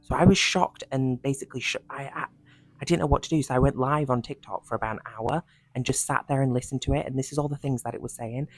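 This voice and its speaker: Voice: mid-range voice, fast, soft background music, rough recording. A TikTok creator in a parked car, frightened and panicking, swearing often and dropping to shocked whispers, talking into a phone. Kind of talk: frightened vlog to camera.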